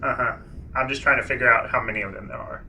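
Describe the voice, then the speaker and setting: A man's voice: medium pitch, steady tone, quick pace, vocal fry, pushed and bright, slight background noise, low-quality recording. A man playing in a tabletop game, tentatively thinking aloud about his character's moves. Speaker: player.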